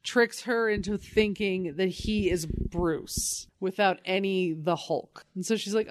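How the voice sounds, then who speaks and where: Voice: mid-range voice, unhurried, hardly any pauses. A podcast co-host in casual comedic chat, with wry, dry asides.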